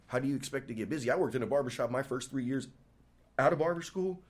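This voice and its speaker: Animated man telling barbershop stories. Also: mid-range voice, fast talker. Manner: animated storyteller acting out quoted dialogue. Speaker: barbershop owner, podcast guest. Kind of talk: casual podcast conversation.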